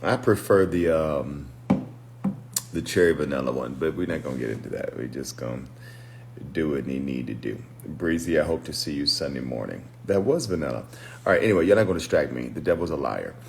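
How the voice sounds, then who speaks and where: A male pastor and deliverance minister with a remarkably deep, low voice gives a late-night livestream teaching. He talks in a reflective, measured way and breaks off now and then to greet viewers by name. A faint hum of noise sits under the recording. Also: expressive, gravelly, a little mellow.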